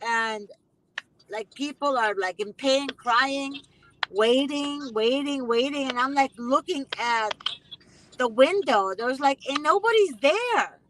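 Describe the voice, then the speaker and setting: A woman's voice: high voice, animated, takes it slowly, noisy background. A woman hosting a casual conversation, talking emphatically and passionately and often repeating herself for weight. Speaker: host; mother.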